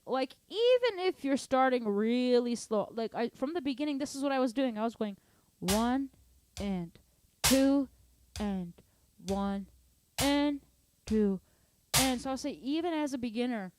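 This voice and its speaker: A woman's voice: a little high, background noise. A woman teaching drums in a casual online lesson, explaining at length and singing out counts and rhythms to show accents. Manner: animated, sings rhythms and counts aloud; chatty, long-winded explanations. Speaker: drum teacher.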